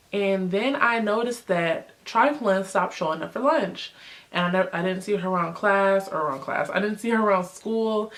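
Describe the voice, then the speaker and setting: Chatty young woman telling a story. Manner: animated, acts out quotes with big pitch jumps; chatty, many fillers. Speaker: vlogger. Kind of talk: casual storytime.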